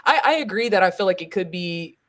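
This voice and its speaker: A woman's voice: on the low side, animated, brisk, a bit bright. A woman on a podcast panel, reasoning through her view thoughtfully and swearing casually.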